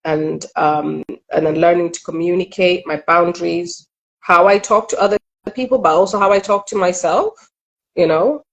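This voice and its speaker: With a fairly low pitch, a middle-aged Kenyan woman who coaches people on relationships gives a candid, reflective interview. She is earnest and makes quick asides, and the recording sounds rough.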